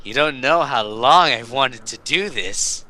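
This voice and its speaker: A man's voice: medium pitch, poor audio. A man reading as a leering female pony. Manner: slow, flat and deliberately unsexy. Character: lustful female pony, predatory and pushy. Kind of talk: comic reading aloud.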